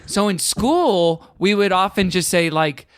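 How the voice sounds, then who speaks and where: A man's voice: high-pitched, lively intonation, unhurried, a bit bright, clean tone, no room sound, clean studio sound. A man in his thirties from the Houston suburbs, hosting a podcast and telling rambling stories that keep circling back on themselves. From Houston suburbs, Texas. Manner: rambling, self-correcting storyteller. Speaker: podcast host. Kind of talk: casual chat.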